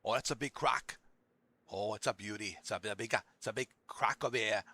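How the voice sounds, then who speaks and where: A man's voice: fairly low pitch, brisk, pushed and bright. A man voicing a joking outback Australian man in a goofy mock accent, calling everyone "mate". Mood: teasing.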